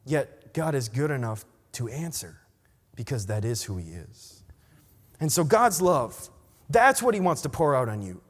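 A young adult man preaching a sermon in an animated, emphatic way. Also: a little high, normal speed. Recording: long reverb of a large hall.

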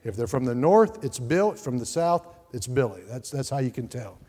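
A male pastor preaching a sermon in a church, repeating words and swinging from quiet asides to loud outbursts. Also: mid-range voice, very animated, moderate pace, breathy edge. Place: church sanctuary. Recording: reverberant church hall.

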